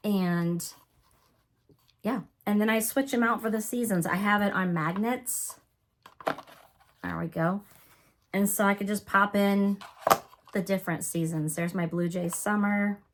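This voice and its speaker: With background noise behind her, a woman speaks slowly in a mid-range voice, leaving long pauses. She's chatting casually in a cross-stitch show-and-tell video, coughing from a sore throat, frequently saying sorry and gushing about her finishes.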